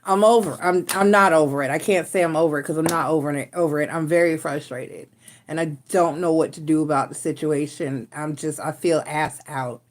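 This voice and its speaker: A woman's voice: deep voice, steady tone, a little fast. A woman hosting a casual live stream, rambling in a frustrated way with restarts and sighs. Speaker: tarot reader and live stream host.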